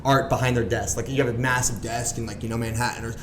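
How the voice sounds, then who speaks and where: A man in his thirties telling a story on a podcast as a guest, animated and full of "like", acting out the voices of people he quotes. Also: mid-range voice, quick pace, reverberant, a little hiss or hum. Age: 30s. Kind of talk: casual storytelling chat.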